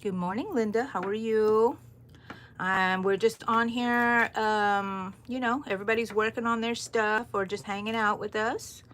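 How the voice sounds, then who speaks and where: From her home on an overcast morning, a middle-aged woman rambles through a crochet livestream and greets viewers by name. She has a steady, fairly bright mid-range voice at a measured pace, with slight background noise.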